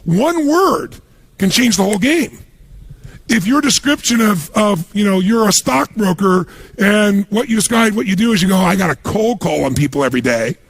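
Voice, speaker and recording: A man's voice: high-pitched, vocal fry, breathy edge, dry recording. A man giving a motivational talk, telling stories and acting out the voices of the people in them. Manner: storytelling, acts out quoted voices. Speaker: motivational speaker.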